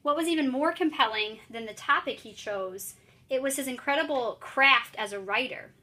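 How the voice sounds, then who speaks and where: Bright-voiced woman teaching writing. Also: high-pitched, moderate pace. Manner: clear, encouraging, explanatory. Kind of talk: classroom mini-lesson.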